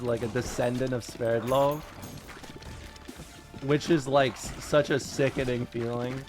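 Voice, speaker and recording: A man streaming live, chatting casually and wryly with his viewers, quick to joke and to deny things. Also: mid-range voice, background noise.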